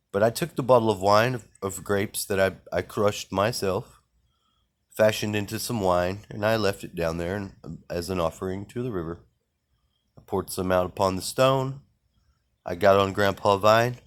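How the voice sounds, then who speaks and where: A man delivering a rambling, profane, defiant rant about strange experiences and his contempt for the mainstream. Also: sits low. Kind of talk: ranting monologue.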